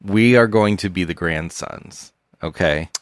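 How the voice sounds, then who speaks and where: A man co-hosting a comedy podcast, telling stories in a low-key, deadpan way. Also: unhurried, clear, resonant tone, no room sound, clean studio sound. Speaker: podcast co-host. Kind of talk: casual comedic chat.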